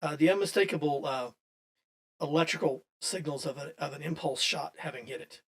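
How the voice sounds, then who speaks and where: A man with a slightly raised pitch runs a tabletop game as game master. His narration is loose and conversational, full of restarts and easy laughter. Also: brisk, creaky, fairly bright tone. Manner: chatty, loose, often laughing, many restarts.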